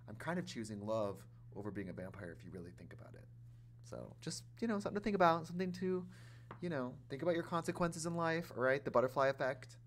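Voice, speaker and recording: A man hosting a casual gaming livestream, chatty and animated, talking straight to his chat in a campy, playful way. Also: medium pitch, a little hiss or hum. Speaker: livestream host playing a life-sim game.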